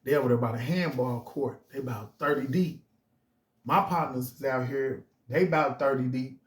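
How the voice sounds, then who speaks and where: A man's voice: mid-range voice, normal speed. Emphatic streetwise man, roomy echo. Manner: emphatic, streetwise slang, frequent restarts. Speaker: vlogger telling his own story. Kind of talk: casual storytelling monologue.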